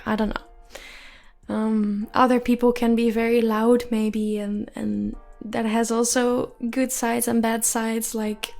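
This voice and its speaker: A young woman in her twenties talks through a relaxed solo podcast, her soft, calm voice sitting a little high with a gravelly edge of fry. She rambles and laughs easily as she goes. Faint music plays quietly behind her. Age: 20s. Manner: rambling, giggly, many fillers. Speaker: podcast host. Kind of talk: casual solo podcast chat.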